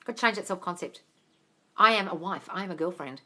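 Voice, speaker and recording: A woman's voice: fairly low pitch, fairly quick. A woman coach answering live-stream comments, blunt and sweary, calling viewers darling. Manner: bursts into loud excited cheers.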